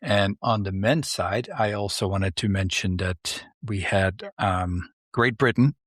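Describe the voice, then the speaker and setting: A man's voice: lowish voice, a little slow, fairly bright tone, dry recording, clean studio sound. A man co-hosting a sports podcast, talking casually and hesitantly, searching for his words. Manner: hesitant, many fillers and restarts. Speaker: podcast co-host. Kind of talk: casual chat.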